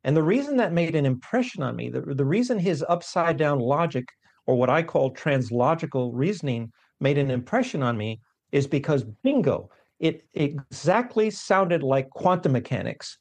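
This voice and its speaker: A man tells his own story with lively, emphatic turns and a self-deprecating humor. His voice sits a little high and carries a gravelly texture. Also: normal speed. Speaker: guest scientist. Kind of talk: conversational storytelling.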